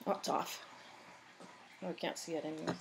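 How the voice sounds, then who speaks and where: A woman's voice: low-pitched, flat delivery, a little fast, vocal fry, noisy background. A woman at home cooing at her young pets in sing-song baby talk while feeding them. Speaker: pet owner. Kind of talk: home video, talking to pets.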